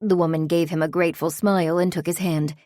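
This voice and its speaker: Woman reading an audiobook, low voice, very dry close sound, steady pace. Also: fast, no echo. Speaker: narrator. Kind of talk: scripted audiobook narration.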